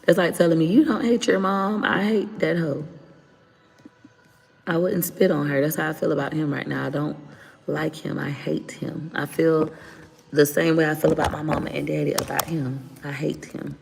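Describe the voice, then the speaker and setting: A woman's voice: low-pitched, fairly even intonation, a little fast, creaky, a little mellow, breathy edge, big-room sound. A woman in her thirties talking casually on a livestream, blunt and candid, venting openly to her viewers. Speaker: livestream host.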